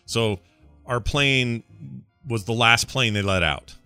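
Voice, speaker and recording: A man's voice: medium pitch, slow pace, pushed and bright, clear, resonant tone, no echo, soft background music. A man co-hosting a live morning show, chatting casually, laughing and talking to his chat room. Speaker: podcast co-host.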